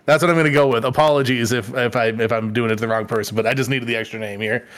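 A man co-hosting a casual livestream chat, laid-back and quick to laugh. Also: mid-range voice, fairly even intonation. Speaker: podcast co-host.

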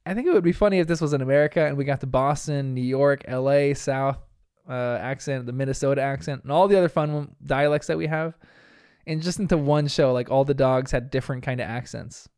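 A man's voice: medium pitch, fairly quick, a little mellow, clear, resonant tone, dry recording, studio quality. A young man from New Jersey hosting a casual cartoon review, chatty and laughing often at his own asides. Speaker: podcast host reviewing a cartoon. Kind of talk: casual episode commentary.

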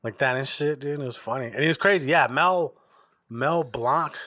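A man's voice: medium pitch, normal speed, sharp tone, dry recording. Brief: a male podcast host, loose and profane, recorded dry on a close mic. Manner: profane, slangy and rambling. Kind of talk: casual chat.

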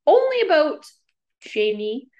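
A woman's voice: high-pitched, takes it slowly, highs cut off. A woman co-hosting a casual podcast, making playful, joking asides. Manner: playful, jokey, laughs often, lively asides. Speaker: podcast co-host. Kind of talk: casual chat, joking commentary.

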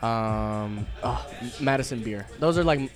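A man's voice: medium pitch, normal speed, faint music behind. A young man co-hosting a casual podcast chat, earnest and hedging.

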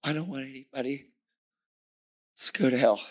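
Here a man in his fifties gives a sermon as a guest speaker, built around a personal story that he delivers emphatically, acting out the lines of dialogue. His voice is mid-range and his speed normal.

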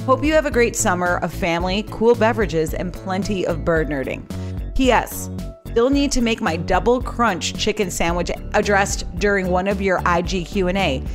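A woman's voice: mid-range voice, over music. A woman co-hosting a podcast, reading listener emails in a bubbly, teasing way. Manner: bubbly, teasing, quick to laugh. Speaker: podcast co-host. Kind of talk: casual comedic chat, reading listener emails.

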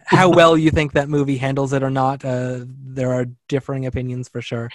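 A man's voice: mid-range voice, flat delivery, brisk, dry recording, studio quality. A man hosting a podcast, chatting casually about films and affirming his guest. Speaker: podcast host. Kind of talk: casual film chat.

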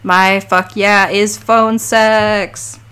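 A woman co-hosting a podcast in casual, candid chat, her voice low and gravelly this week. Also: flat delivery, drawn-out words, fairly bright tone. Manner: chatty and candid. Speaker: podcast co-host.

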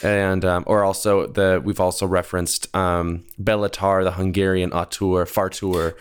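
Speaking at normal speed in a low, clean-toned voice with flat delivery, a young man co-hosts a film podcast. He chats loosely and rambles, peppering everything with "like" and "um," and laughs readily.

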